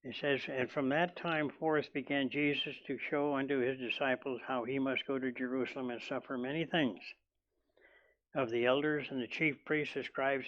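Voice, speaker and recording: A man preaching a sermon in a church, talking slowly and deliberately, often restarting his sentences. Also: medium pitch, muffled recording. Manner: slow and deliberate, with many restarts. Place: church hall.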